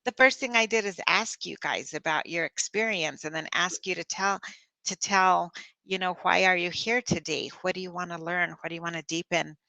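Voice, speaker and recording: A woman's voice: fairly low pitch, normal speed, gravelly, bright, forceful tone, no room sound. A middle-aged woman presenting an online coaching workshop, talking conversationally with personal stories and filler words.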